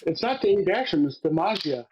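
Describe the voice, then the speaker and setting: A man co-hosting a wrestling podcast, recapping matches in casual, profane, excitable chat and laughing as he goes. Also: sits high, fairly quick, highs cut off, a little hiss or hum.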